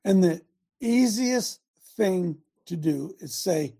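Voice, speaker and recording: Gravelly, husky man hosting emphatically. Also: high-pitched, animated, slow, warm tone. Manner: emphatic, preachy. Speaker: host. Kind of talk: talk show commentary.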